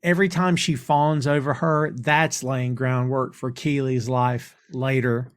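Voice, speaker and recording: A man's voice: mid-range voice, fairly even intonation, unhurried, no room sound. A man hosting a podcast, chatting casually and recapping scenes from an episode line by line. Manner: retells dialogue line by line, conversational. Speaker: podcast host reviewing a TV episode.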